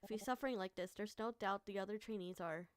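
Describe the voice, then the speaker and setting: A female streamer with a medium-pitched voice reads a visual novel aloud quickly, blending narration with commentary, emotional reactions and the occasional curse. The recording is dry.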